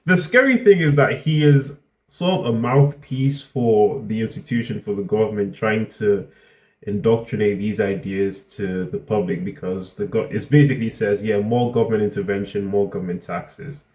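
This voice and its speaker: A man hosting a reaction video, commenting with exasperated, incredulous outbursts that jump up in pitch. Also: moderate pace, darkish tone. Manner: exasperated, incredulous, jumps in pitch when outraged. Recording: roomy echo.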